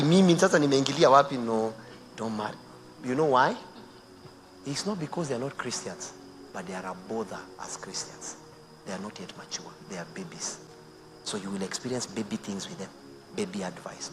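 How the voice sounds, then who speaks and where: A Kenyan man preaching a sermon to married women, swinging between hushed near-whispers and loud emphatic bursts, mixing Swahili phrases into his English. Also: on the low side. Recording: noisy outdoor recording with insects.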